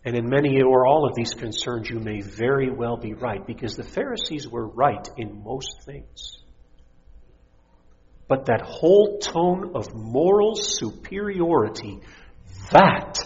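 A man's voice: medium pitch, unhurried, a little mellow, long reverb tail. A middle-aged man, a pastor, preaching a sermon with rising intensity and mocking voices. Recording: dull lo-fi recording.

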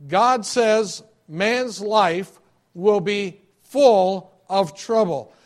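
A man's voice: high-pitched, drawn-out words. A man preaching a sermon, stressing key words by repeating them and dropping to an earnest tone in prayer, speaking into a microphone he wears. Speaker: pastor. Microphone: wearing a microphone.

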